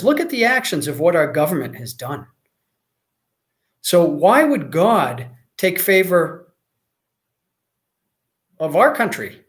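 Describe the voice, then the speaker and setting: An American man hosts a casual livestream, answering viewer comments as he goes. His talk rambles, full of fillers and restarts, and his voice sits a little higher than most men's. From United States. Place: Mexico.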